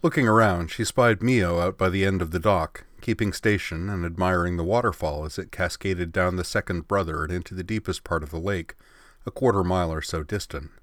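A man with a very low, deep voice reads a story aloud in a measured, expressive way. The sound is close and dry, with no room around it. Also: no room sound. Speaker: narrator. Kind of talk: storybook narration.

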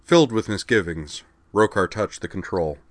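Low-voiced guy reading a space novel, steady pace, dead dry mic. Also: no echo. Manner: even, measured reading with voiced characters. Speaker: narrator. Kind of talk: audiobook narration.

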